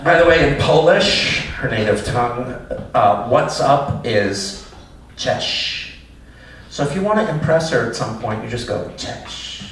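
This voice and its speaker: A man's voice: mid-range voice, expressive, normal speed, fairly bright tone. A man doing a live stand-up set in a small cafe, rambling and cutting himself off mid-sentence. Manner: rambling, self-interrupting delivery. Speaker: stand-up comedian. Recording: echoey room, far mic, audience. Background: laughing audience.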